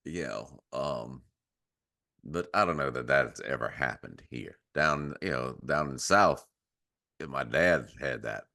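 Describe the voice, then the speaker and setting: Man, podcast co-host, very deep voice, laid-back chat. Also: expressive, vocal fry, sharp tone. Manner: laid-back, quick to laugh along. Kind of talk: casual chat.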